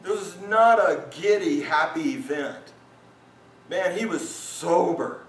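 A male pastor preaching a lively sermon at a men's retreat, his voice climbing when he acts out the crowd. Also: slow pace, a little hiss or hum. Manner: animated, voice rises high when acting out listeners. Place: conference hall at a retreat. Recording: roomy hall sound, mic from a distance.

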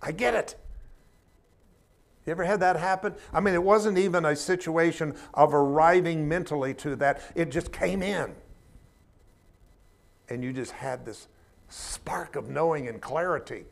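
A man's voice: fairly high pitch, normal speed, gravelly. A man teaching a spiritual class in an informal sermon style, talking in a conversational, emphatic way with humorous asides.

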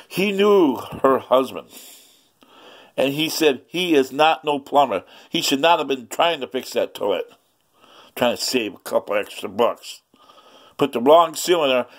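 A man vlogging an angry rant, agitated, profane and repetitive. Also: medium pitch.

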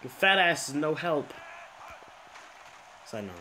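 A young man commentates on his own game in frustration, his fairly high voice leaping all over the place. He drops into low grumbles, then bursts out in exasperated, swearing complaints, with a faint hiss of noise behind him. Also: big pitch swings, slow pace, pushed and bright. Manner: swings between muttering and exasperated outbursts, swears a lot. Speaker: gaming commentator.

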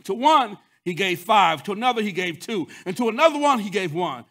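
A male pastor preaching a sermon, repeating phrases, breaking into sung lines and shouts, talking straight to the congregation. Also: high-pitched, expressive, fairly quick. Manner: repeats words, call-and-response asides.

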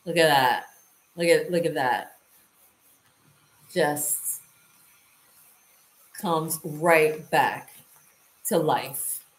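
A deep-voiced woman vlogger talks slowly in an echoey room during a casual how-to demonstration. Chatty, this lifestyle vlogger addresses her viewers while working.

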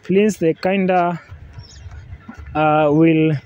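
A man casually narrating a travel vlog outdoors by a river. He talks in a relaxed way, repeats himself, and often says "yeah, man.". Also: fairly high pitch, very slow, dull audio. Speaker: vlogger. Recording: faint outdoor noise.

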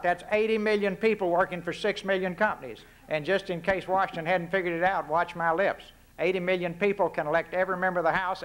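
His voice sits a little high and sounds a bit bright, with a Texan accent. Speaking as a guest at a forum before an audience, he delivers a folksy political talk full of asides and punchy rhetorical questions.

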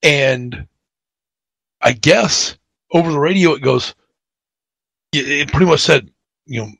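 Radio co-host, man, fairly high voice, rambling animated storyteller, dry close sound. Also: measured pace, vocal fry, no echo. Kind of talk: casual radio chat.

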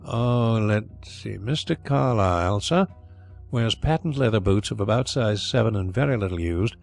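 A man's voice: lowish voice, moderate pace, a little mellow, soft background music, natural voice. A man voicing a deferential, meticulous manservant in an audiobook, politely listing details. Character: deferential, precise male manservant.

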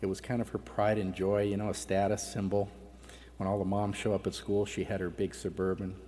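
This conference speaker, a middle-aged man, shares a moving personal testimony, his voice catching at times as emotion takes over. He talks briskly in a fairly low, dark voice that barely moves in pitch. Long reverb from the large conference hall fills the recording.

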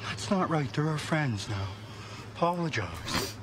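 A high-voiced fretful trailer park guy. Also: sing-song, a little slow, noisy background. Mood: pleading. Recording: film audio with loud ambience.

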